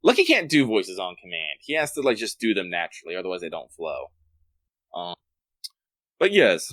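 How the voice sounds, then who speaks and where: Low-voiced man rambling casually. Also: huge pitch swings, fairly bright tone, no room sound. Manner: rambling, quick storytelling. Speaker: podcast co-host. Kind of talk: casual chat.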